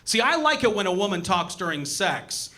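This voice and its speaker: A young man doing stand-up at a comedy club, talking into a stage mic. His voice sits high and sounds bright and forward. He plays out his punchlines with lively, animated delivery. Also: normal speed.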